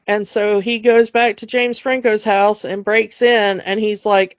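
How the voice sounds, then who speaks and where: A woman's voice: medium pitch, steady tone, takes it slowly, clean tone, no room sound. A woman co-hosting a podcast, chatting casually and retelling film scenes with lots of fillers and laughs. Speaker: podcast co-host. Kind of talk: casual chat about a film. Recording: dull lo-fi dry sound.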